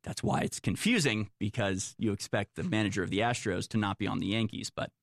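A man's voice: on the low side, a little fast, creaky, no echo, clean studio sound. Exasperated sarcastic male political commentator. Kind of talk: reading news and commenting.

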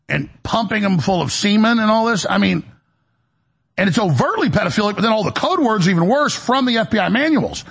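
A man's voice: high voice, expressive, a little fast, creaky, a bit bright, breathy edge. A man hosting a broadcast show from a studio, talking in an agitated, rambling monologue that is full of repeated words and restarts. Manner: agitated, repetitive, with many restarts. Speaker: radio and web show host.

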